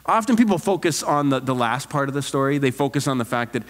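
A man, a pastor, preaching an earnest, animated sermon full of rhetorical questions. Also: medium pitch, fast talker, long reverb tail. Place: church sanctuary.

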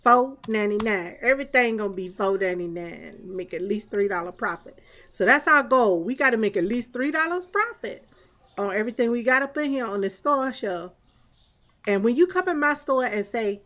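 A woman's voice: medium pitch, lively intonation, moderate pace, fairly bright tone. A woman streamer giving chatty live gameplay commentary, laughing often and talking back to chat and the game's customers.

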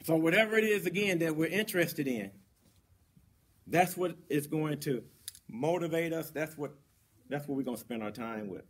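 A man serving as imam, giving a Friday sermon in a mosque, emphatic and repetitive, rising for stress and then dropping low. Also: expressive, normal speed, slightly rough.

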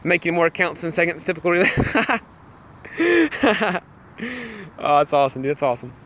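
A young man casually chatting with viewers on a livestream while playing a phone game, excitable and laughing often. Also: on the high side, a little slow, slight background noise. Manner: excitable, laughs a lot, greets chat viewers. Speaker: livestream gamer.

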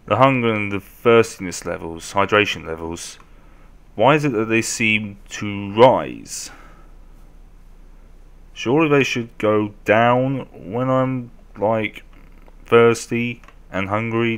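A young man commentating a game as he plays, often shouting at zombies. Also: fairly low pitch. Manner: animated, often yelling at zombies. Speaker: gameplay commentator. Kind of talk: let's play commentary.

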